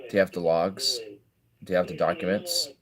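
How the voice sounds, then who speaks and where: A man's voice: deep voice, expressive, fairly quick, crowd noise. A man streaming a game, joking and swearing as he reacts. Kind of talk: casual gaming commentary.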